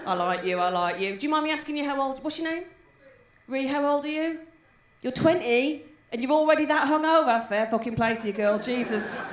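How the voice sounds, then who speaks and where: A woman's voice: sits high, brisk. A woman in her forties with a West Midlands accent doing brash, swearing stand-up and teasing the crowd. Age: 40s. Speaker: stand-up comedian. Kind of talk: live stand-up with crowd work. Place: comedy gig venue. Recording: echoey live room with background noise.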